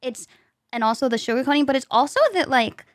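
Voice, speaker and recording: Blunt, high-voiced young woman, dry close sound. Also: fairly even intonation, fast talker, no room sound. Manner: blunt, emphatic, swears freely; acts out quotes in mocking voices. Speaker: podcast co-host. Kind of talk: casual chat.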